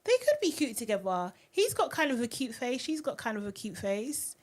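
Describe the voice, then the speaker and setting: A woman's voice: fairly high pitch, sing-song, normal speed. A young woman hosting a casual live recap, chatty and giggly, reading viewer comments aloud. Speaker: live-stream host.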